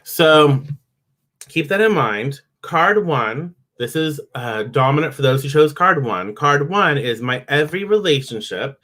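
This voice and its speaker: A man's voice: fairly high pitch, animated, a little slow, sharp tone. A man giving an oracle card reading on a live stream in a casual, chatty way, greeting viewers by name as he talks. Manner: acts out grumbling inner voices.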